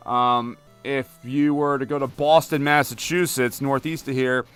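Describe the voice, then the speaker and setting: A man's voice: medium pitch, fairly even intonation, measured pace, fairly bright tone, smooth, no echo, soft background music. A young man with a Philadelphia accent, chatting casually with viewers while playing a game, rambling with lots of fillers and restarts. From Philadelphia area, United States. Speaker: gaming streamer. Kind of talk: casual live-stream chat while playing.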